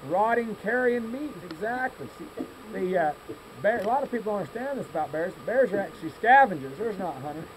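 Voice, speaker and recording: A man telling folksy tall tales to a scout troop, with deadpan exaggeration and asides to his listeners, recorded outdoors in a meadow. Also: high voice, brisk. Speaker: campfire storyteller for a scout troop. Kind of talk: folksy tall-tale storytelling. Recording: outdoor recording with loud insects and traffic.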